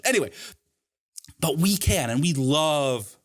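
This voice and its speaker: Man, college ethics lecture, playful, laughs at own jokes, very expressive pitch. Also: normal speed. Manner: joking, laughs at own asides. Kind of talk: recorded lecture.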